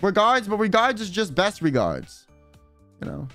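A man's voice: high voice, wildly swooping pitch, normal speed, fairly bright tone, no echo, faint music behind. A man streaming in a casual chat, rambling and swearing freely, full of filler words. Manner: rambling, profane, full of "like" and "you know".

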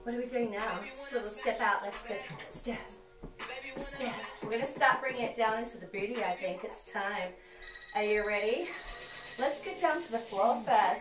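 High-voiced aussie woman running a sassy workout, bit far from the mic, echoey room, loud music behind. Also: moderate pace. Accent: Australian. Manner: sassy, cheeky, bouncy coaching. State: moving while exercising. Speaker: fitness instructor. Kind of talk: comedic workout class livestream.

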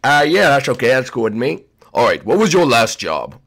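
A man's voice: mid-range voice, big pitch swings, normal speed, creaky, a bit bright, exaggerated voice. A man voicing a hesitant, easygoing police officer in a Minecraft roleplay.

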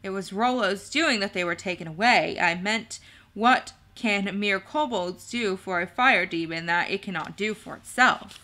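A woman's voice: medium pitch, unhurried, sharp tone. A woman voicing a fussy, snappish male kobold leader in a storybook reading. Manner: snappish, grumbling.

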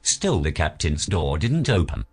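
A man reading a children's picture book aloud as narrator, in an expressive storybook manner. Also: rumbling low, a little slow, breathy edge.

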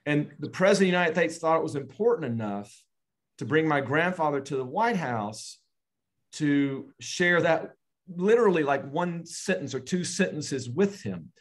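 A man, a guest in an interview, telling a family story earnestly and slowly with frequent pauses. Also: a little high, animated.

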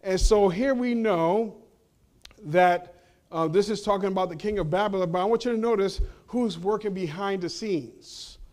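High-voiced male pastor preaching. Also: moderate pace. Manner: preaching with rhetorical questions to the congregation; swings between loud emphasis and hushed low passages. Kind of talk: sermon. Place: church sanctuary.

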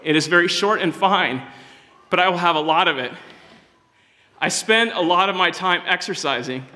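A small, plaintive unborn baby girl calls softly to her mother in a raised, gentle voice, as a man reads her poem aloud. The sound rings with the long reverb of a large hall. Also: high-pitched, moderate pace, voice pushed up. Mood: tender.

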